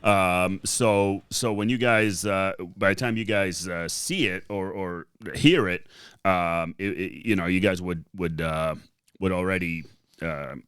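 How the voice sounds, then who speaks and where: Boston-accented male podcast co-host, lowish dry voice, halting and casual. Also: a bit bright, clear, resonant tone, no echo. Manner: halting, many fillers and restarts.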